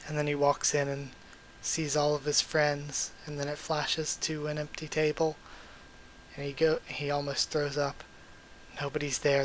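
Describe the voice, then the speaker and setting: A man's voice: a little high, completely flat delivery, a little slow, slight background noise. Emotional man reading comics aloud. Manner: emotional, reacts aloud between panels. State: strained voice. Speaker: YouTuber reading manga aloud. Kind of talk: comic readthrough with commentary.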